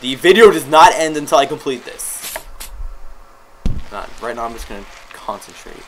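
A man giving excitable, joking gameplay commentary, swearing and yelling at the game. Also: medium pitch, normal speed, background noise. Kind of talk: let's play commentary.

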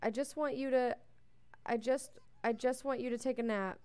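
Chatty young woman with a smooth voice. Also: fairly high pitch, fairly even intonation, moderate pace, darkish tone. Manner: chatty and gushing, coos over cute moments; reads on-screen game text aloud. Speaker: let's play host. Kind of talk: casual gameplay commentary.

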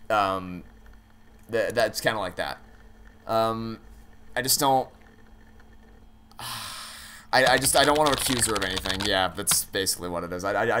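A man's voice: fairly low pitch, sharp tone, slight background noise. A man playing through a story game, thinking aloud with hesitant, stammering restarts and casual swearing. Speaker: let's play gamer.

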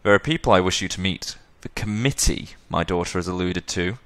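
A man's voice: deep voice, fairly quick, dry recording, lightly acted. A man voicing a cold, stern wealthy father who speaks in clipped, commanding sentences.

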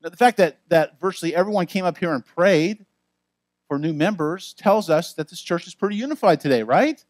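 A male pastor preaching a sermon in a lively, conversational way with frequent asides to the congregation. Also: sits high, fairly quick, no room sound. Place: church.

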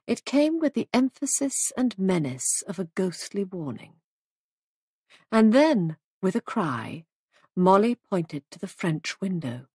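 A woman narrating a mystery audiobook in a measured storytelling manner, recorded close to the mic. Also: mid-range voice, big pitch swings, warm tone, slightly rough, dry recording.

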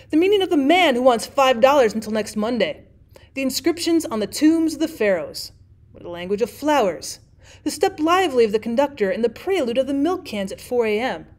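A woman's voice: fairly high pitch, darkish tone. A woman teacher reading a classic short story aloud as audiobook narration.

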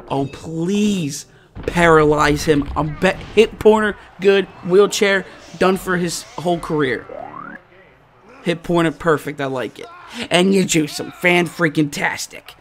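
A man hosting a gaming channel, giving live let's-play commentary and reacting excitably to each play. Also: on the high side, slow, a little hiss or hum. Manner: excitable, yelling and groaning at plays.

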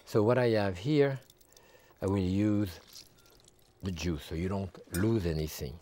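Low-voiced man demonstrating a recipe. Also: unhurried, a little hiss or hum. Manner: step-by-step instructional, with relaxed asides. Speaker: TV chef. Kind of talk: cooking demonstration. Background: background music.

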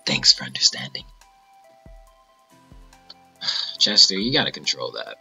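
Goofy husky-voiced gamer man. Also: rumbling low, a little slow, long pauses, soft background music. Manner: goofy, playful, lively. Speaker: gamer, video creator. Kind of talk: let's play commentary.

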